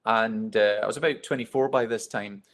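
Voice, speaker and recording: A man's voice: fairly low pitch, fairly even intonation, moderate pace, a bit bright. A man giving a motivational talk to a live audience, telling stories in a candid, self-deprecating way. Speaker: keynote speaker.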